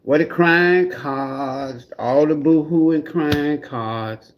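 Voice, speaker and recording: A man's voice: on the high side, slow, dull audio. A man giving a casual livestream tarot reading in a blunt, profane, mocking way. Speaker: tarot reader.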